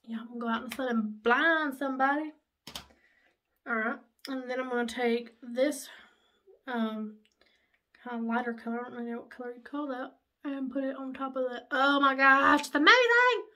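A young-sounding woman talks through her makeup in a high, bright voice. She gushes and chatters excitedly in a casual, chatty way. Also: moderate pace, long pauses. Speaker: makeup vlogger. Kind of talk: casual get-ready-with-me chat.

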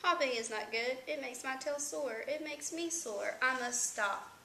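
Storybook read-aloud: a woman voicing a sore-footed, silly male elephant; high, a bit gravelly. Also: measured pace, sharp tone, reverberant, a little hiss or hum, exaggerated voice. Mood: earnest.

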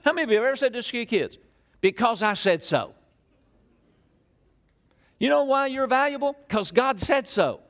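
Folksy preacher, lively high voice. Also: male voice, quick pace, hardly any pauses. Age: older. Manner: folksy, storytelling, rhetorical questions. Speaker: pastor. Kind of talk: sermon. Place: church.

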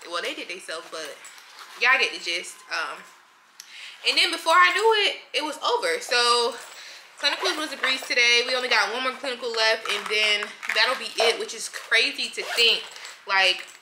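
A woman's voice: on the high side, lively intonation. A woman in her twenties, a nursing student, chatting casually and in a hurry to her vlog viewers. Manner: chatty, rushed, addresses viewers as y'all. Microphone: compact camera. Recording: echoey room with clear background noise.

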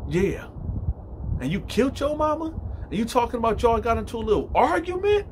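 A man voicing a tough, menacing prison inmate who gives gruff orders. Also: on the low side, brisk, a little hiss or hum, close to an everyday voice. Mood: mocking. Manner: gruff, commanding.

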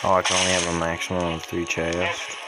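A young streamer talks through a mobile game in a low, completely flat voice, a little fast, swearing and muttering at it. The recording is very noisy, with game music in the background.

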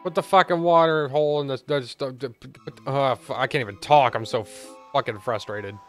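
Young man, let's play host, sweary, exasperated, mid-pitched voice. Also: moderate pace, fairly bright tone, soft background music. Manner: profane, exasperated. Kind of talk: gameplay commentary.

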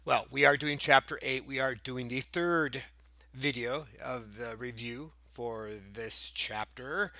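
A man's voice: a little high, unhurried, sharp tone, dry recording. A man teaching a playful math review lesson, joking around between problems and slipping into silly voices. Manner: goofy, jokey, breaks into silly voices and asides.

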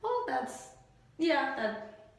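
A young woman vlogs to the camera in casual chat from an empty, glass-doored indoor breezeway, where the bare room is very echoey. Her voice sits high and is very animated but very slow, with vocal fry. She jokes about herself and laughs often.

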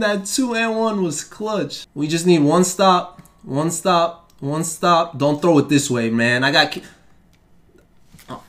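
A young man, commentating his own basketball video game play, swinging between excited yelling and flat, deflated muttering. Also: on the high side, a little slow. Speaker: gaming YouTuber. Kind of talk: live gameplay commentary.

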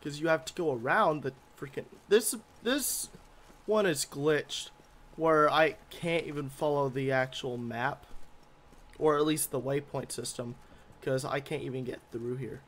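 A man's voice: a little high, unhurried, fairly bright tone. A man giving gameplay commentary as a gaming YouTuber, grumbling and easily irritated.

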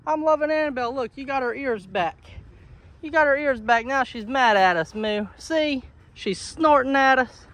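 A man talking casually to his goats on a homestead, coaxing and scolding them playfully, his voice jumping high when he is exasperated. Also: lively intonation, moderate pace, fairly bright tone. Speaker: homesteader vlogger. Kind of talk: casual talk to farm animals. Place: outdoors on a homestead among goats and animals.

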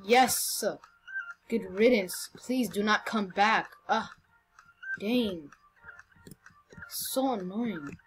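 Extremely slow and broken by long pauses, a young woman's medium-pitched voice carries her casual game commentary over slight background noise on a low-quality recording. She teases playfully and often stumbles, starting her words over.

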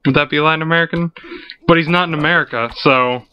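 Chatty guy joking around on a let's play, kinda high voice, muffled lo-fi audio w/ game music. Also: steady tone, fast talker, slight background noise. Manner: joking, laughs often, reads game text aloud. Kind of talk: casual gaming chat. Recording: dull lo-fi sound with game music.

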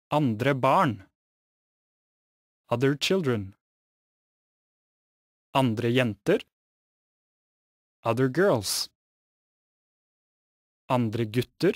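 A man's voice: medium pitch, no echo, clean studio sound. A man with a Norwegian accent teaching a scripted language lesson, saying each phrase carefully and then translating it. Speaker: language teacher, voices Jan.

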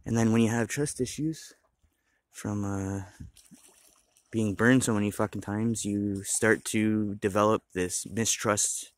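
Low-voiced, rambling, profane man. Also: steady tone, takes it slowly, no room sound. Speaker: vlogger. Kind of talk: rambling casual monologue.

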